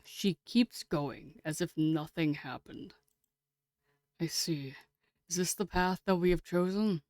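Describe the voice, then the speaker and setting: A woman streamer reading a game aloud and chatting with her viewers, excitable and casually swearing. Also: fairly low pitch, takes it slowly, no room sound, studio quality.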